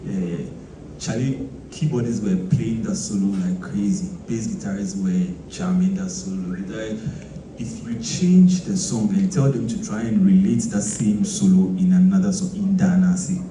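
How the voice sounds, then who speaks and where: Ghanaian guy explaining bass, lots of rhetorical questions, noisy echoey room far from the mic. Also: normal speed. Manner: animated, mixing quoted voices and rhetorical questions. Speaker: bass player. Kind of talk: casual teaching talk.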